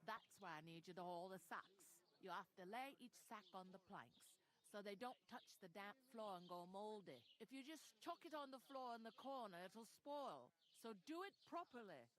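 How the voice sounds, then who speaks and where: A woman's voice: medium pitch, animated, moderate pace, few pauses, natural voice. A woman voicing a blunt, bossy village innkeeper in a video game. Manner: bossy, plain-spoken, folksy.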